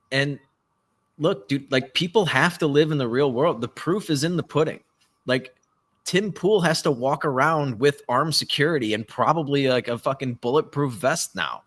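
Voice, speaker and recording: A man co-hosting a live podcast, talking in a rambling, animated way and swearing often. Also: mid-range voice. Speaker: podcast co-host. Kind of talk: casual political chat. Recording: live stream call.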